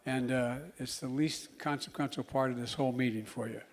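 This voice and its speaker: An older man, a politician giving a public speech, who stumbles and mumbles, then bursts into loud emphatic lines. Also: mid-range voice, steady tone, a little fast.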